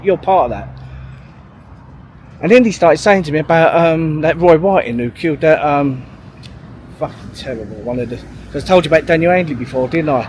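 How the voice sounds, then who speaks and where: A man's voice: fairly high pitch, noisy background. A man, telling a long story in a rambling, sweary way, full of fillers and restarts. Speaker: vlogger. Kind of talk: casual storytelling monologue.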